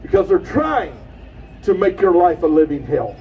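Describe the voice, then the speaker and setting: A man giving an impassioned rally speech outdoors, preaching and shouting at the crowd. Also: high voice, big pitch swings, moderate pace, far from the mic, narrow, tinny audio. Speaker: rally speaker.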